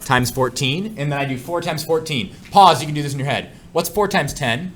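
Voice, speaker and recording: A man's voice: on the high side, brisk, reverberant, a little hiss or hum. A man teaching a math class, explaining with jokes and asides to his students. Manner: joking, lively, asides to students. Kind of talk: classroom lecture.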